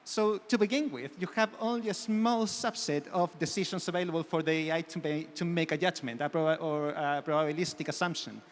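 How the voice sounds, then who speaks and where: A man with a fairly high voice talks through a point on a conference panel, hedging with frequent fillers and self-corrections. His voice carries a long reverb from the hall. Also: fairly quick, hardly any pauses. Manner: hedging, many "you know" fillers. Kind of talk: panel discussion.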